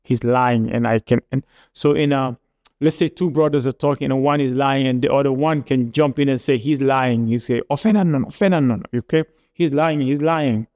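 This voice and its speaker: Gravelly-voiced man teaching a language lesson. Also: medium pitch, fairly even intonation, normal speed, darkish tone. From Niger. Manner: patient explaining with frequent repeats and restarts.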